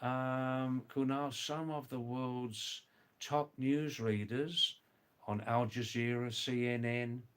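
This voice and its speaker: A man's voice: medium pitch, steady tone, takes it slowly, noisy background. A man from Australia with a mild Australian accent, hosting a live stream and explaining words to his viewers, repeating the key words as he goes. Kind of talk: casual live chat explaining language.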